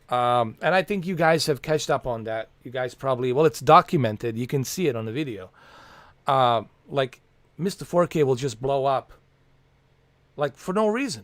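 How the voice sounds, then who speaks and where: A man's voice: medium pitch, expressive, normal speed, no room sound. A man hosting a casual livestream from home, rambling and swearing with lots of fillers. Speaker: livestream host.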